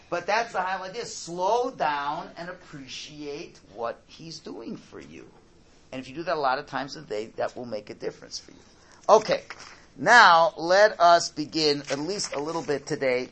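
A man teaching a religious class, explaining slowly, repeating his key points, and often checking in with "right?". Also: a little high, expressive, a crowd in the background. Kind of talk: classroom Torah lesson.

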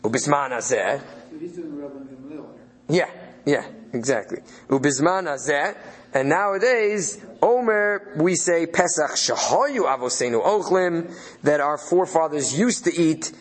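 A man's voice: a little high, lively intonation, unhurried, a little hiss or hum. A man leading a study session, reading out Hebrew phrases and translating them as he thinks aloud. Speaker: Torah study leader.

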